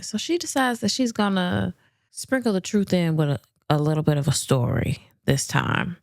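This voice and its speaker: A woman's voice: medium pitch, moderate pace, a little mellow, no echo, clean studio sound. A woman co-hosting a true crime podcast who chimes in with comments in a chatty way. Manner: chatty, chiming in. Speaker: podcast co-host. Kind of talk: true crime storytelling chat.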